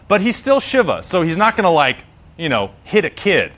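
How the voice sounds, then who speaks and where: A man's voice: on the high side, moderate pace. A man telling a story in a casual, slangy way as a yoga teacher, acting out the characters. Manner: slangy, animated, acts out characters.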